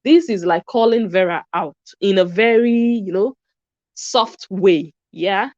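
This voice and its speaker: A woman's voice: medium pitch, slow, a little mellow, dry recording, dull audio. A woman commentator in a vlog, talking in a sarcastic, questioning way.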